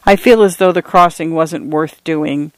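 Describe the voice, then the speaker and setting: A man reading the part of a gentle, wistful old pioneer grandfather in an audiobook. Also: a little high, a little slow, dry recording, natural voice. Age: older.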